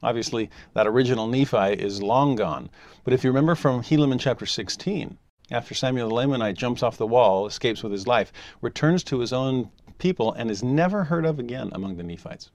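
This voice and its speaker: A man of middle pitch telling a scripture lesson as a lively story. He slips into short voices for the people he quotes. The sound is dry and close, with no room around him. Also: fairly quick, no echo. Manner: animated storytelling, briefly voicing quoted characters. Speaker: scripture teacher.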